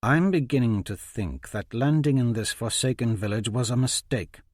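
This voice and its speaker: A man's voice: medium pitch, normal speed, darkish tone, no room sound, studio quality, natural voice. A man voicing a stern young warrior prince who gives impatient commands.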